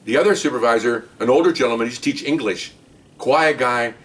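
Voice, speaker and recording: Fast-talking older man telling cop stories. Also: mid-range voice. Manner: animated, acts out the dialogue in raised voices. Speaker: retired undercover police officer. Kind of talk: casual storytelling of past cases. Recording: voice distant from the mic.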